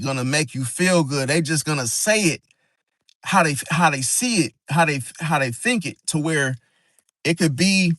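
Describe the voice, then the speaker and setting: A man talking casually about astrology in a loose, slangy ramble. His voice sits on the high side for a man. The sound is close and dry, with no room around it. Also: a bit bright, no echo. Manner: slangy, rambling, acts out quoted friends. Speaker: zodiac vlogger.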